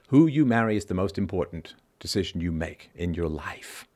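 A man's voice: low-pitched, lively intonation, normal speed, darkish tone. A man hosting a call-in show, giving an emphatic philosophical monologue and repeating key lines for stress. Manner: briefly acts out other people's reactions in mocking voices.

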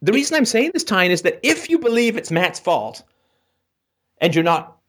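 A man's voice: sits high, big pitch swings, moderate pace, a bit bright. A man hosting a call-in advice show, asking probing questions and talking in long runs that he keeps punctuating with "right?".

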